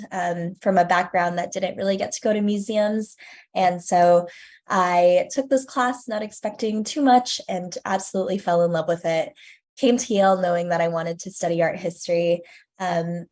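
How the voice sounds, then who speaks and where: A woman in her twenties answering interview questions earnestly and reflectively, with frequent ums, her sentences trailing off softly. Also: medium pitch. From United States. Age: 20s. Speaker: guest, student curator.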